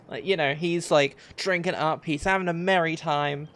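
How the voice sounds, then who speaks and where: A man's voice: a little high, steady tone, normal speed, clear, resonant tone. A man narrating a tabletop pirate adventure as game master, with lots of "um" and "like" as he describes the scene. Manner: hesitant, filler-heavy narration. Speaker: dungeon master.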